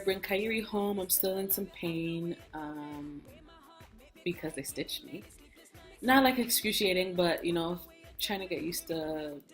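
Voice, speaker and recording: A young woman with a lowish voice shares a personal story in a frank, lively way, slipping into the voices of the people in it. Soft music plays quietly under her. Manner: candid, animated storytelling, acts out quoted speech. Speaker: vlogger. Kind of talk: casual storytime chat. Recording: soft music bed behind.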